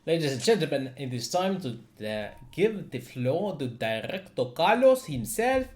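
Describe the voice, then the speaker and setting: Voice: medium pitch, sing-song, normal speed, darkish tone. A player in a casual group chat, playful and asking questions.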